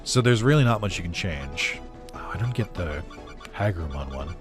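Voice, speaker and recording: A man's voice: sits low, lively intonation, normal speed, loud music behind the voice. A man doing casual let's-play commentary for his gaming channel, rambling with lots of fillers and chuckles. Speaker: gaming YouTuber.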